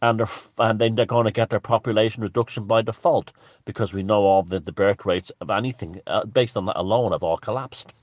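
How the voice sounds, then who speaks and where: A man's voice: on the low side, fairly even intonation, brisk, no echo. A man delivering a crude, scornful ranting monologue as a commentator, swearing heavily. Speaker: alternative-thinking commentator.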